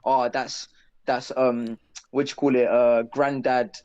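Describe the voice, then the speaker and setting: A man's voice: medium pitch, flat delivery, takes it slowly, darkish tone, clean tone. Earnest man on lo-fi call audio. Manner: street slang, frequent tag questions, earnest. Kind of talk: casual live chat.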